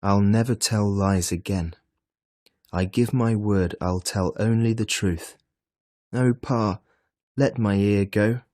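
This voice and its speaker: A man's voice: on the low side, fairly even intonation, slow pace, darkish tone, no echo, clean studio sound. A man reading a storybook, voicing a small boy who has told a fib and gets upset. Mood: pleading. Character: small boy Jimmy, fibbing and easily upset.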